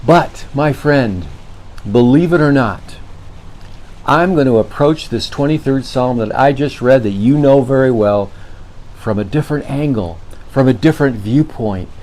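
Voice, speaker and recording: A man hosting a spoken devotional, talking in an earnest, unhurried way and often restarting his phrases. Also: medium pitch, darkish tone, low-quality recording. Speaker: devotional host.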